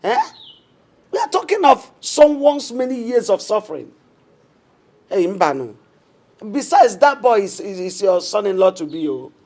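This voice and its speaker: A woman's voice: mid-range voice, very animated, measured pace, long pauses, a little mellow. A middle-aged woman with a Nigerian accent, playing a reproachful, insistent mother in a film drama. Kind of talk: film acting.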